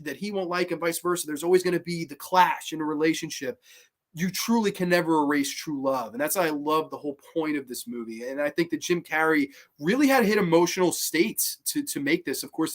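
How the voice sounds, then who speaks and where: A man's voice: fairly high pitch, fairly bright tone. A man hosting a movie channel, talking casually and heartfelt about a film, rambling with restarts and the odd swear word. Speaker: movie review channel host. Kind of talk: casual spoken movie commentary.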